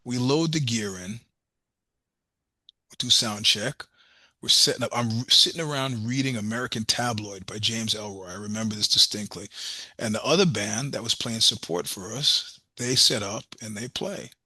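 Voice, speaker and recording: A man's voice: on the low side, moderate pace, sharp tone, breathy edge, dry recording. A middle-aged man telling blunt, profane road stories in a casual interview, acting out both sides of each exchange. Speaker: podcast guest, musician.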